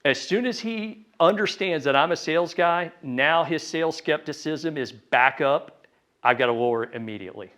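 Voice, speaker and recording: A man giving a live sales training talk to a room, lively and conversational, acting out phone calls in quick voices. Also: on the high side. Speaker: real estate sales trainer. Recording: dull lo-fi sound.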